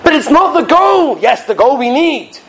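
A man giving a Torah sermon as a rabbi, animated and swinging between loud stresses and hushed asides. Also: very high-pitched, normal speed, slight background noise.

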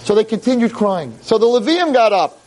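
A man giving an animated holiday sermon as a rabbi, mixing Hebrew verses with English and acting out the quotes dramatically. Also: brisk. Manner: dramatic, acts out quotes with big pitch jumps. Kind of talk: animated sermon to a live audience.

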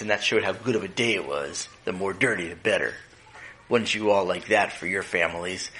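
A man's voice: mid-range voice, a bit bright. A man narrating a children's story in a playful way, speaking directly to his young listeners.

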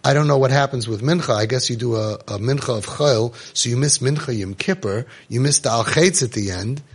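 A man's voice: medium pitch, a little fast, breathy edge. A man, giving a storytelling Torah class full of Yiddish and Hebrew words and rhetorical questions. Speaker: rabbi giving a Torah talk.

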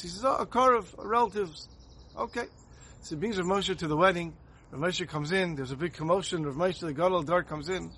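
A man giving a Torah talk as a sermon, telling a story in an earnest, animated way. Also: sits high, breathy edge.

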